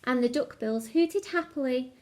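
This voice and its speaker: A woman teacher reading a picture book aloud to children, expressive and engaging. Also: high-pitched, normal speed. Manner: expressive, asks the listeners questions.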